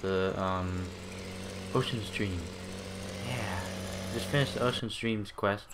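A man with a low voice drifting through a casual game commentary at an unhurried crawl, full of fillers and restarts. A clear hiss of noise sits under his voice. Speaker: gaming channel host. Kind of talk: casual let's-play commentary.

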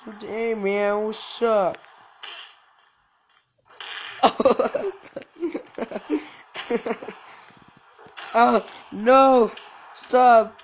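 Joking let's-play gamer, slow talker. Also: medium pitch, fairly even intonation, slight background noise, rough recording. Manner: joking, self-mocking, bursts of loud yelps. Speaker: gaming channel host. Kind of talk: casual let's play commentary.

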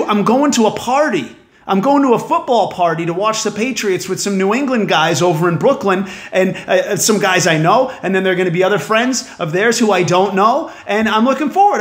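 A man telling a profane story as a stand-up comedian, animated and building to yelling. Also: sits high. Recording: echoey room.

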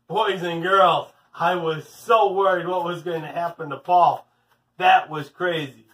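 A man, a gym teacher, reading a story aloud to children as an animated storyteller. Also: high-pitched, measured pace. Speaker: physical education teacher. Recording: echoey room, mic at a distance.

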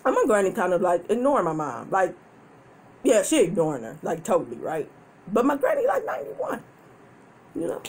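A woman hosting a mukbang, chatting casually to viewers while she eats and telling stories animatedly, with frequent laughter and loud whoops. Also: on the low side, sing-song, fairly quick, husky. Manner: chatty, addresses viewers directly. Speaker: mukbang host. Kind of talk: casual chat while eating.

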